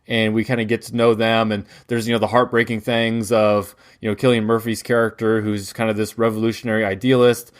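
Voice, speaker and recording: A man's voice: fairly low pitch, flat delivery, brisk, hardly any pauses. A man from the United States, co-hosting a podcast and talking loosely about a film, with lots of fillers and restarts. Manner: rambling, many fillers and restarts. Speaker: podcast co-host. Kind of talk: casual film discussion.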